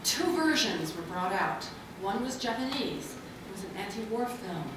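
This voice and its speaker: A woman's voice: mid-range voice, animated, moderate pace. A woman moderating a convention panel, asking long enthusiastic questions. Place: large convention hall. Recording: echoey convention hall, noisy, from far off.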